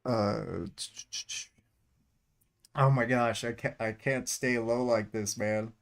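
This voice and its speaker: A man's voice: mid-range voice, fairly even intonation, takes it slowly, creaky. A man hosting a live stream, laid-back and teasing, laughing often between remarks. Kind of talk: casual live-stream chat.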